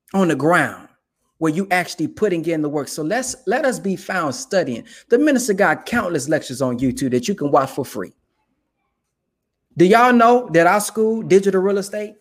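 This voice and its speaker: Young man, fairly high voice, emphatic, colloquial, preachy commentary. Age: young adult. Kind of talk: casual direct-to-camera commentary.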